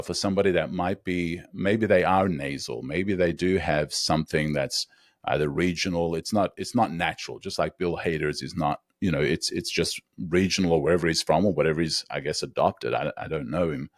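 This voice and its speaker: Deep voiced guy hosting, dry mic, rambles his questions, lots of uh and you know. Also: normal speed, no room sound. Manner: rambling, circling questions with many fillers. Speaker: podcast host. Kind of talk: casual podcast interview.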